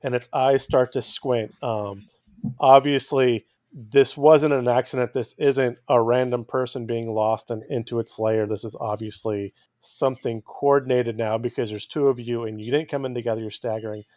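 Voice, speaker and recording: Male game master, mid-pitched, dry close mic, descriptive and halting. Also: fairly even intonation, darkish tone, no echo. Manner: descriptive, with frequent restarts and fillers. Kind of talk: narrating a tabletop game.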